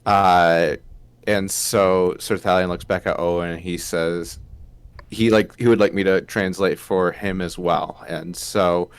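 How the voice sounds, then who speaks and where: A man with a very low, smooth and clear voice narrates his character's actions at a tabletop game. He speaks slowly and hesitates often, with many fillers between phrases. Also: steady tone. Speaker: player voicing a knight. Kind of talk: tabletop role-play narration.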